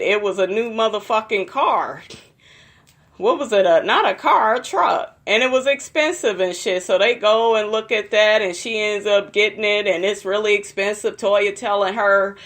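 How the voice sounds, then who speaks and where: A woman's voice: mid-range voice, moderate pace, a bit bright. A young woman in a casual vlog, gossiping and swearing as she recaps a reality TV episode for her viewers. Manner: profane, gossipy, addresses viewers as y'all.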